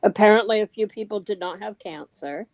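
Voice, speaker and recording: A woman co-hosting a casual livestream drops sardonic remarks and laughs along. Her pitch is middling. Her voice comes through dry and close. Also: a little fast, a little mellow, no echo. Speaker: co-host.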